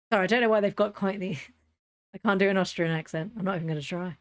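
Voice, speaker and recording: A woman's voice: mid-range voice, fast talker, faint music behind. Giggly woman chatting over gameplay. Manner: giggly, animated, easily cracks up. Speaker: gaming video host. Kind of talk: casual gameplay commentary.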